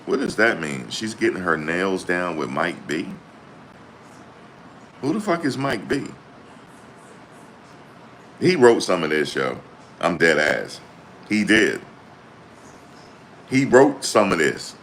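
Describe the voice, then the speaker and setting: A man with an extremely deep, low voice talks through courtroom news in a loose, slangy way. He gets worked up, exclaims and hammers the same point again and again. A faint hiss of noise sits under his voice. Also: slow, long pauses. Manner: excitable, slangy, exclaiming and repeating himself. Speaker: commentator. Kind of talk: trial reaction commentary.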